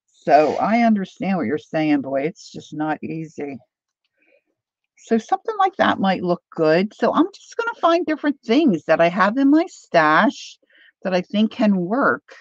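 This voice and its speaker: A woman's voice: on the low side, big pitch swings, measured pace, no room sound. A middle-aged woman hosting a craft livestream, chatting casually and rambling through stories while she talks to viewers by name. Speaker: craft channel host. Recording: dull lo-fi dry home recording.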